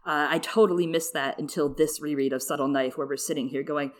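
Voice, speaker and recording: Woman podcast host, very low voice, lively chatty delivery. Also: fairly quick, hardly any pauses. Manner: animated, laughing, chatty. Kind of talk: casual podcast chat.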